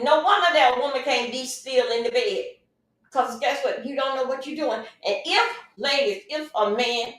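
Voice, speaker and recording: A woman's voice: a little high, a bit bright. A woman hosting a casual livestream, chatty and emphatic, often repeating her phrases. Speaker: livestream host. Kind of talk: casual livestream advice talk. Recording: very echoey room, mic far off.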